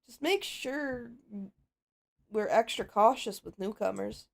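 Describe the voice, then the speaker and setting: A blunt tomboy pony, worn out and cautious, speaking a bit higher and flatly tired, as a woman puts her on. The delivery is plain and weary, fitting a fan game role-play. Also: slow, creaky, heavily acted.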